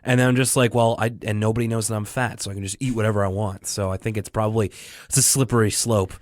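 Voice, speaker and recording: Dry-humored podcast co-host, close and dry sound. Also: male voice, lowish voice, steady tone, quick pace, no room sound. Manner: dry, self-mocking humor. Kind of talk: casual chat.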